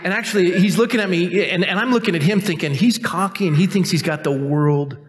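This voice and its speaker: A pastor in his fifties, his voice sitting high and moving a little fast, preaches in a church sanctuary. He mocks himself conversationally while recounting a personal story, voicing the characters as he goes.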